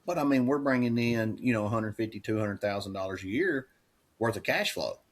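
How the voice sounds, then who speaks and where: Folksy farmer telling stories. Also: male voice, fairly quick. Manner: folksy, rambling, acts out quoted dialogue with rising pitch. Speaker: dairy farmer and auctioneer, podcast guest. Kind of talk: casual storytelling chat.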